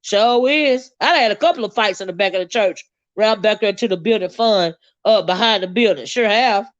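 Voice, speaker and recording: A woman with a Southern US accent, hosting a casual livestream chat, sassy and quick to laugh, with drawn-out exclamations. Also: medium pitch, no echo, dull audio. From American South. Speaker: livestream host reading viewer comments.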